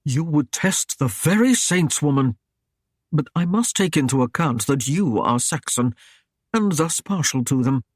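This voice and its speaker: A man playing a gruff Norman knight lord. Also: on the high side, animated, measured pace, no room sound, studio quality. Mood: gruff annoyed. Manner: gruff, commanding, dryly mocking.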